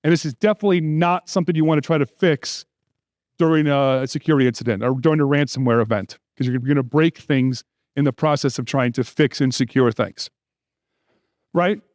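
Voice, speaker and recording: A middle-aged man speaking at a security conference, conversational and quick to make joking asides. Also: mid-range voice, darkish tone, dry recording, clean studio sound. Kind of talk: conference talk.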